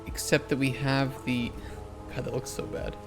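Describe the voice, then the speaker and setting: Chatty game developer streaming while coding. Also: male voice, medium pitch, flat delivery, normal speed, creaky, music in the background. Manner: chatty, answers chat, restarts sentences. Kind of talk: casual livestream chat while coding.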